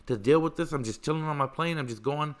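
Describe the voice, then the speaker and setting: A man's voice: a little high, quick pace, lightly acted. A man voicing a famous male boxer who is tired of being bothered and speaks in a laid-back, irritated way. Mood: annoyed. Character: weary famous male boxer, annoyed then menacing.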